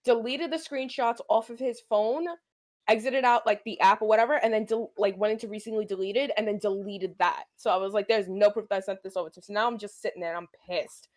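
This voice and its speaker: Talking fast in a mid-range voice, a young female podcast co-host tells a story during casual conversation. She swears freely and animatedly acts out what people said.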